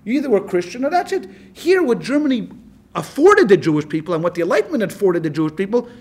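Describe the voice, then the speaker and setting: A male rabbi giving a lecture to a class in a lively, conversational way, with frequent restarts. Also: high-pitched, fast. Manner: animated and conversational, with many restarts. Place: class with a live audience.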